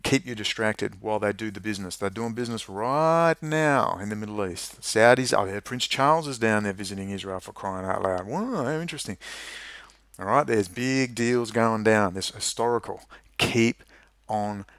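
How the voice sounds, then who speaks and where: A man's voice: fairly low pitch, moderate pace, fairly bright tone, dry recording. A man delivering a rambling, emphatic and indignant political monologue to camera. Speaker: political commentator.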